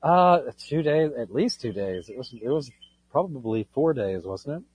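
Husky male co-host. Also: medium pitch, expressive, normal speed, a little mellow, dry recording. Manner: easygoing, rambling, full of fillers. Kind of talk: casual chat.

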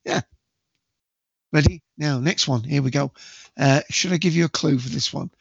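A man hosting a casual movie quiz, chatty and jokey, with bursts of loud quote acting. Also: a little high, moderate pace, gravelly, husky, no room sound. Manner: chatty, jokey, self-mocking, acts out movie quotes loudly. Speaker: quiz host. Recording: dull lo-fi dry home recording.

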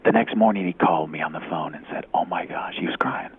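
A man, an executive recruiter, telling a faith story in an animated way, acting out the dialogue and dropping to a whisper at times. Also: sits low, fast talker, gravelly, slightly rough. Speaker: executive recruiter, guest speaker. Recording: tinny phone-like radio audio.

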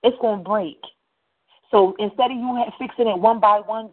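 A woman's voice: medium pitch, fairly even intonation, normal speed. Casting: chatty radio host woman, slangy storyteller, thin phone-like audio. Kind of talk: casual monologue. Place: New Jersey.

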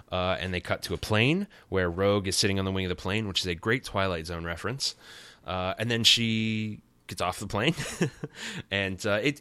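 A man's voice: deep voice, sharp tone, clean tone, no echo. A man hosting a podcast, giving a casual comic recap with rambling, wry and sarcastic asides. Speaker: podcast host.

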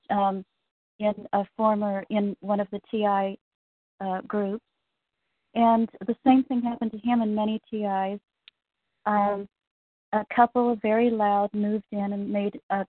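A young woman being interviewed as a guest on a call, soft-spoken and hesitant, pausing often. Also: medium pitch, no room sound. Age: young adult. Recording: dry, tinny phone line.

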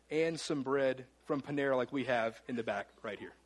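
A man preaching a sermon as the pastor of a church, earnest, with dramatic pauses and slowed words for emphasis. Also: medium pitch. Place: church sanctuary.

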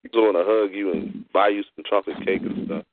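A man hosting an online poetry cypher, praising performers warmly and at length. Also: lowish voice, steady tone, a little fast, dry recording. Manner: effusive, repetitive praise. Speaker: host. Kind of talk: casual chat. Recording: tinny phone line.

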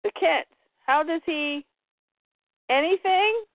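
On a dry, phone-like recording, a woman with a voice on the high side speaks at a measured pace. As co-host of a casual podcast, she recounts a comic book story and voices the characters with slight changes.

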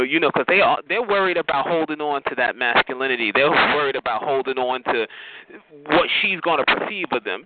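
A man calling in to a phone chat line, ranting in a sassy, profane way, peppering his talk with "honey" and "child". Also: a little fast. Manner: animated with big pitch jumps and laughs. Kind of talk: casual rant. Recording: tinny noisy phone line.

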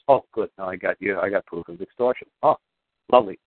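A man's voice: on the low side, steady tone, quick pace, no echo. A man hosting a call-in radio show, talking in a blunt, profane, rambling and emphatic way, over a tinny phone-like line with dry sound.

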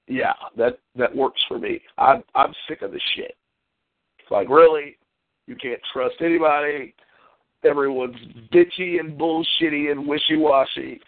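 A man's voice: a little high, no echo. A man hosting a casual talk show, ranting profanely and venting. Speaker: podcast host. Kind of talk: casual chat. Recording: tinny phone line.

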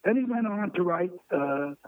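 A man's voice: high voice, normal speed, no echo. Older man on a phone line. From Brooklyn, New York. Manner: lively raconteur, acts out quoted voices, chuckles through stories. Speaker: guest. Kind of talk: anecdotal storytelling. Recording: tinny dry phone line.

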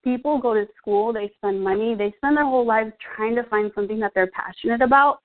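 A woman's voice: a little high, a little fast. A young woman sharing her personal story as a fitness coach, earnest and emotional, full of "like" and "um". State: out of breath. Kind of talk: personal testimonial. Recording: tinny phone-like audio.

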